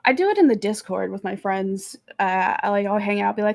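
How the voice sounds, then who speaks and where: A woman from Texas, a voice actor and podcast guest, chatting casually about her work, talking in quick bursts and laughing often. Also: medium pitch, vocal fry, a little mellow.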